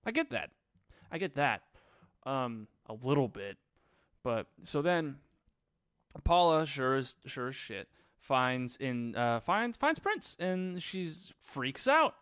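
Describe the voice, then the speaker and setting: A man's voice: mid-range voice, sing-song, takes it slowly, fairly bright tone, clear, resonant tone, no echo, clean studio sound. Sarcastic rambling male reviewer. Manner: rambling, sarcastic, lots of fillers. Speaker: movie reviewer. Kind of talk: casual solo movie recap.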